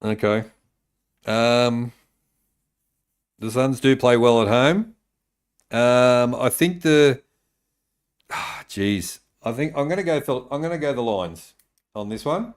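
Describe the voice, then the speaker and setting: This podcast host is an Australian man whose mid-range voice moves slowly, with frequent pauses. On his relaxed live-streamed talk show, he reads out viewer tips and comments, filling the gaps with lots of ums and uhs.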